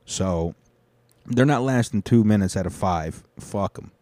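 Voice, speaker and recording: A young man with a low, mellow voice rambles through a loose, swaggering recap of his week, full of profanity and side tangents. The sound is dry and close, with no room around it. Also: a little slow, no echo.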